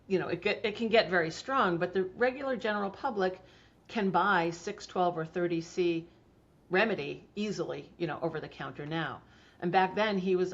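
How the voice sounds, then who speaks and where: A middle-aged woman, a homeopathy practitioner, talking casually in an interview with chatty storytelling and frequent fillers. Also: on the low side. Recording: dull lo-fi sound.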